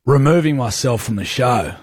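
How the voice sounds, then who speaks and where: A man's voice: medium pitch, animated, normal speed, husky, dry recording, clean studio sound. An Australian man co-hosting a radio show, joking and self-mocking. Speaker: radio co-host. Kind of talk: casual radio banter. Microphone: studio microphone.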